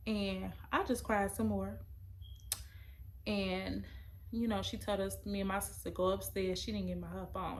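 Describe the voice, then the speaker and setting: Woman telling a personal story, emotional, halting. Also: mid-range voice, level tone, a little hiss or hum. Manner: emotional, halting, casual speech.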